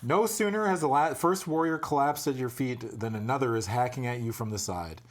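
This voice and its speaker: A man's voice: medium pitch, brisk. A man acting as game master, reading adventure text aloud and breaking into joking, cursing banter between passages.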